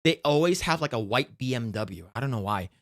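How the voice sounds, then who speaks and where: A man's voice: mid-range voice, expressive, a little fast. A man hosting a stream, reacting and telling stories in casual, rambling, profane chat full of fillers. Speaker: streamer host.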